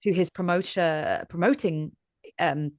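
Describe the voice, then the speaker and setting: A woman from Ireland hosts a conversational interview, talking animatedly and acting out voices as she tells a story. Her lowish voice moves a little slowly, and the studio-quality recording has no echo.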